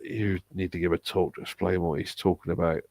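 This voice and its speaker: A man with a Bristol English accent, hosting a live stream and reading out viewer comments in a hesitant, halting way with frequent restarts. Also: sits low, steady tone, gravelly, a little mellow, no room sound. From England.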